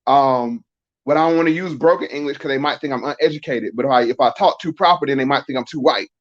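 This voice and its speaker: Talking at a quick pace with a mid-range voice, a middle-aged man guests on a casual podcast. He's emphatic in his explanations and leans on rhetorical questions, and the recording is dull and lo-fi.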